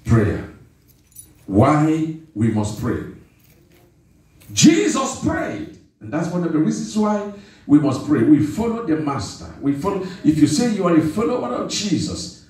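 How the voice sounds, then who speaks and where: A male pastor preaches with a high, swooping voice, hammering his points home through repetition and calling on the congregation to answer back. He sounds distant from the microphone, and his words ring through a big echoing church hall. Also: dark tone. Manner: emphatic call-and-response preaching; repeats phrases for emphasis. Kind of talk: sermon. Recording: echoey hall from far off.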